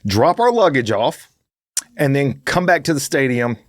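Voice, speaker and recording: A podcast co-host with a medium-pitched voice tells a long travel story at a moderate pace, full of energy. He acts out the lines of people he met along the way, in casual chat captured with a dry, clean studio sound.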